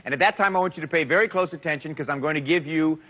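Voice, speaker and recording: A man's voice: on the high side, rapid-fire, a bit bright. A man hosting a game show, reading clues and scores in an upbeat, playful way. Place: television studio set. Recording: studio show with music and audience.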